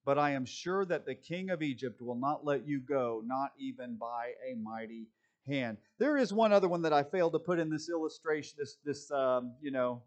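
A man's voice: mid-range voice, expressive, moderate pace. A male pastor preaching a sermon from the pulpit, reading scripture aloud and then shifting into loose, conversational asides. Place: church pulpit.

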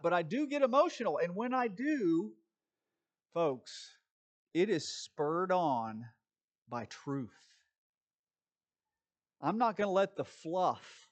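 A man preaching a sermon in a fairly high voice. He talks to the congregation like a conversation, then punches key points loudly before dropping back to soft, quick asides. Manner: conversational preaching with swings between loud emphasis and quiet asides. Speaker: pastor.

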